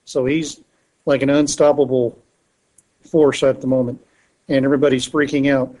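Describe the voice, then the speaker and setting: A man's voice: medium pitch, little pitch movement, normal speed, darkish tone, poor audio. A man co-hosting a casual comic book podcast, recapping a story in a rambling way with many fillers and restarts. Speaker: podcast co-host.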